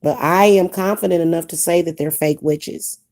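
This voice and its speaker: Mellow-voiced woman with Kansas City accent. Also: fairly low pitch, steady tone, moderate pace. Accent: Kansas City, Missouri. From Kansas City, Missouri. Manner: candid, repetitive, chatty. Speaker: witch vlogger. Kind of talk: casual vlog monologue.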